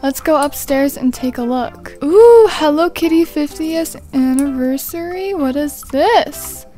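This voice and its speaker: Bubbly high-voiced woman gaming commentator. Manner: bubbly, gasping excitement. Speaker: gaming YouTuber. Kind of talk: casual gameplay commentary.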